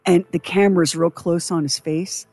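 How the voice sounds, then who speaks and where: Woman, podcast co-host, casual chat, lively storyteller, low-ish voice, dry close mic. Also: moderate pace, dry recording, faint music behind. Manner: chatty, animated storyteller who laughs often.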